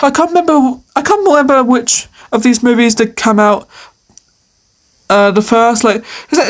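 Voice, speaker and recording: A woman chatting on her own through a quiz, playful and hesitant, with many fillers and frequent laughter. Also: fairly high pitch. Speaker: video creator answering quiz questions. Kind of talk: casual solo commentary.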